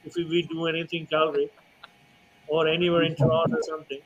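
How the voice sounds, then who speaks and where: A man with a high, husky voice hosts a casual livestream chat over a video call. He rambles warmly through his questions, leaning on fillers like "you know" and "like". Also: flat delivery, fast, muffled recording. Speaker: host.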